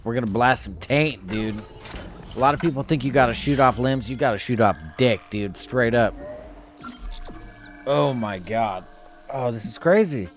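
A young Californian streamer plays a horror game live, chatting with viewers in a relaxed, profane, slang-heavy way. His mid-range voice moves at normal speed with frequent pauses, and soft music plays in the background.

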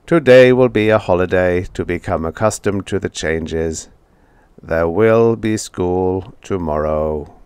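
A man voicing a calm robot guardian in a storybook reading, speaking slowly, gently and evenly. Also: low-pitched, smooth, no echo. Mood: gentle. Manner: slow, gentle and even.

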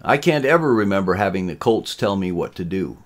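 A man's voice: sits low, expressive, brisk. A man voicing a young male student who speaks hesitantly and bluntly. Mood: questioning.

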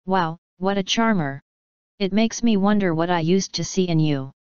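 A woman voicing a sassy, quick-witted young woman with sarcastic banter. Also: on the low side, darkish tone, clear, resonant tone, no echo, lightly acted. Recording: dry, slightly dull studio recording.

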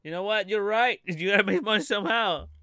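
A man live-streaming his reaction to a trailer, animated and profane, laughing often. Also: sits high, brisk, dry recording, studio quality.

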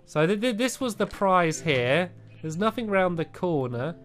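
A man chatting excitably while playing a game with a friend, laughing often. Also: sits high, a little slow, faint music behind. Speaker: gamer. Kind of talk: casual gameplay chat.

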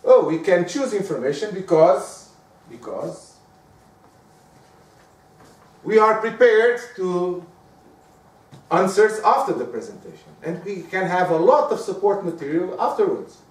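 High-voiced man lecturing. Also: moderate pace. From Portugal. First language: Portuguese. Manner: lively, conversational, often asks the room "right?". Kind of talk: lecture on giving presentations. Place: lecture room. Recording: echoey lecture room, mic at a distance.

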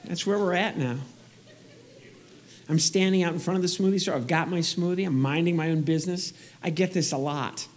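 Animated stand-up comedian man. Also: fairly high pitch, a little fast. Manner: animated storytelling, acts out other people.

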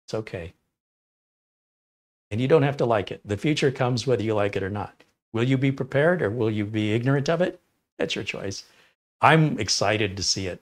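A man hosting a live tech stream, reading viewer chat and giving opinionated, enthusiastic answers. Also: lowish voice. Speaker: livestream tech host.

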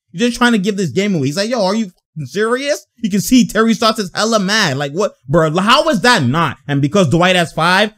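A young man with a high-pitched voice talks over a basketball game in laid-back slang, frequently laughing and growing excited as he reacts.

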